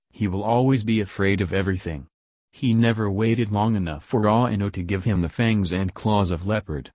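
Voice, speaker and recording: Low-voiced man reading nature facts. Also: dry recording, clean studio sound. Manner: even, informative reading. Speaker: podcast host. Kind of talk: scripted narration.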